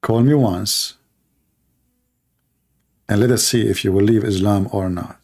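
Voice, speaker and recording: Gravelly, dark-voiced man hosting a livestream. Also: lowish voice, steady tone. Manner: mocking, laughing at callers; repeats words in quick bursts. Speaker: livestream host taking calls. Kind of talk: casual livestream talk.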